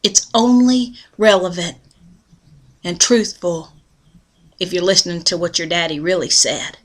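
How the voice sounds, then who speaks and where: A woman's voice: lowish voice, measured pace. A woman giving a devotional talk that mixes folksy storytelling with earnest preaching. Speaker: devotional speaker.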